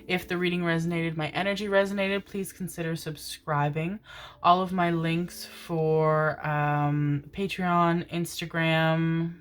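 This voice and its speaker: Low-voiced woman giving an affectionate tarot reading. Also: flat delivery, a little slow. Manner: affectionate, calls listeners "my darlings" and "my loves"; meandering, with many "um" fillers. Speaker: tarot reader. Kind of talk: casual tarot reading to viewers.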